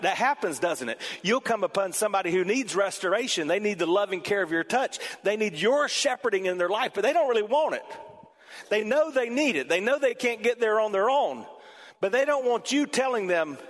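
A man preaching a sermon in a church auditorium, animated, swinging between loud emphasis and quiet passages. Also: high voice. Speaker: pastor. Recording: long reverb from a large hall.

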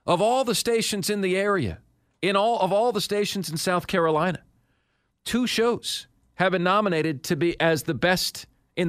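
Man, sports radio host, slightly high voice, confident, emphatic, repeats himself, dry studio sound. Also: a bit bright, no room sound. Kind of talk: sports talk radio monologue.

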